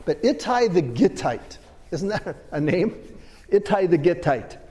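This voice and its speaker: A man with a notably high voice preaches a sermon, his words ringing out in a hall with a long echo. He moves between forceful, raised lines and dropped, hushed asides. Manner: swings between loud emphatic bursts and low quiet asides. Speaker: pastor.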